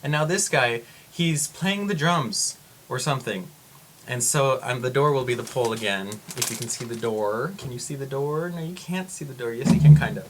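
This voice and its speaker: A man vlogging to camera, telling a story in a rambling, excitable way with frequent exclamations. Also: mid-range voice, normal speed, a little hiss or hum.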